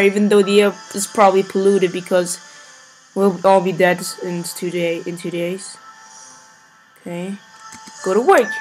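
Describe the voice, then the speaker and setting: A young woman commenting on a video game she is playing, chatty and swinging between loud outbursts and low mumbles. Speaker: let's play gamer. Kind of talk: let's play commentary. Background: faint game music.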